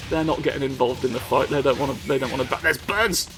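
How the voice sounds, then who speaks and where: A man's voice: medium pitch, fairly even intonation, rapid-fire, soft background music. A man giving rambling, playful comedic commentary over a fighting game, full of absurd asides.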